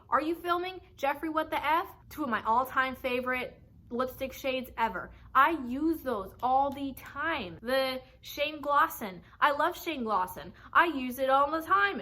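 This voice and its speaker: A woman's voice: sits high, bright, forceful tone. A young woman giving a heartfelt, emotional tribute to camera, swearing casually as she gushes. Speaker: fan sending a tribute message.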